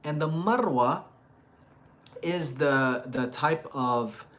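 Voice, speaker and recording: Male host from Jordan and Palestine, casual explainer, halting and full of fillers. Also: a little high, a bit bright. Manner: hesitant, thinks aloud with many fillers and restarts. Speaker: religious channel host. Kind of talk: casual live chat and Quran commentary.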